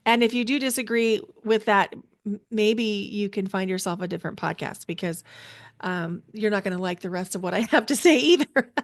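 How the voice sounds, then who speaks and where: Woman, podcast host, solo episode; earnest, emotional, deliberate spiritual guidance, middle pitch. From United States. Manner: earnest, slow and deliberate with pauses; spiritual, guiding a grounding exercise.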